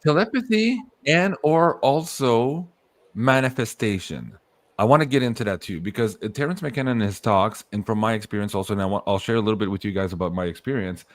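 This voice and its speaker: A man's voice: fairly low pitch, no room sound. A man hosting a podcast, chatting casually and jumping between tangents. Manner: animated, quick tangents. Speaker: podcast host.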